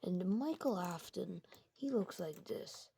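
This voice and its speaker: Slow, gravelly woman narrating a silly story. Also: fairly low pitch, lively intonation, dark tone. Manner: rambling, silly, self-correcting. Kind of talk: casual game story narration.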